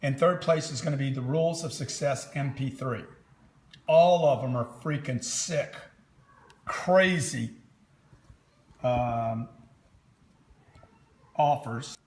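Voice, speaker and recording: A man's voice: mid-range voice, takes it slowly, pauses often. A man in his fifties hosting a nightly livestream as a business coach, talking in a brash, direct, salesy way. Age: 50s. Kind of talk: motivational livestream talk.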